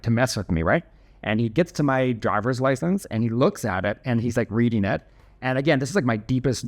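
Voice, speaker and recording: A young man casually telling a personal story to camera, chatty and self-deprecating, with lots of fillers and restarts. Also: mid-range voice.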